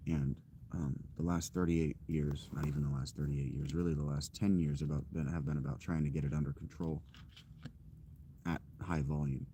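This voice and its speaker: A man in his thirties chatting casually with his stream while walking outdoors, rambling with fillers and self-corrections in a loud, projecting voice. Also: very deep voice, fairly even intonation, normal speed, a little hiss or hum. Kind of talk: casual live-stream chat. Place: outdoors, walking through a parking lot.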